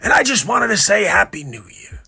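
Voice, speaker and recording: Hear a man putting on a loud, gravelly old official in a comedy bit. The voice is high and sharp, swooping all over, with a husky rasp. He barks his lines with dismissive bluster. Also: sing-song, moderate pace, full character voice. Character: gruff older male health official, dismissive. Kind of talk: comedic impression.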